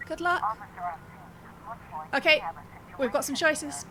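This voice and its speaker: A woman's voice: a little high, normal speed, noisy background. Chatty woman streaming a game. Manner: chatty, reads game text aloud, swears and laughs freely. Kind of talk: casual gameplay commentary.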